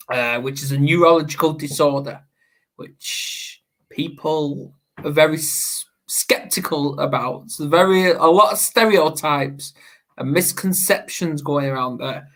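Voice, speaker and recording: Give me a man hosting a casual live show, talking slowly with plenty of fillers. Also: on the high side, fairly bright tone. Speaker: host. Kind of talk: casual livestream chat.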